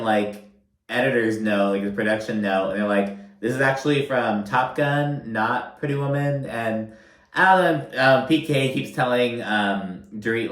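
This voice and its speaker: A man talking in a chatty, loose way, full of filler words and casual cursing as he runs through a show. His voice sits at a middle pitch. It rings out in a roomy, echoey space. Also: a bit bright. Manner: chatty, loose, swears often, many fillers. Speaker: recap commentator. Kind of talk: casual reality TV recap.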